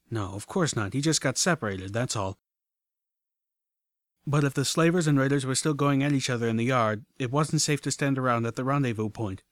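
A man giving an earnest, steady first-person story narration. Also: mid-range voice, no room sound, clean studio sound. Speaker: audiobook narrator.

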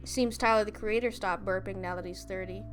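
A woman's voice: medium pitch, steady tone, a little fast, faint music behind. A woman playing a video game while chatting, with goofy, self-mocking banter. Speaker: gamer in voice chat. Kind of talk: casual gaming chat.

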